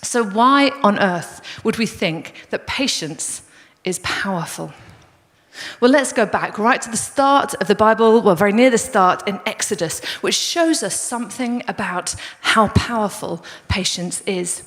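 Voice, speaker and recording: In a large church hall with long reverb, a woman preaches at a slightly slow pace in a medium-pitched, fairly bright voice. She tells stories conversationally and refers to the congregation as "guys."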